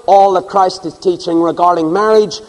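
A man preaching a sermon to a congregation, swinging from loud emphasis to hushed asides. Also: high-pitched, fairly even intonation, moderate pace, in a large hall, low-quality recording. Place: church before a live congregation.

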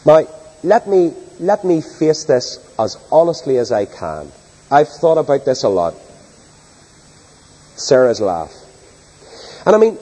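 A man preaching an evening sermon with a high, husky voice. He swings widely in pitch as he reads scripture with emphatic, dramatic delivery. His voice carries a long reverb, as in a large church hall. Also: mellow.

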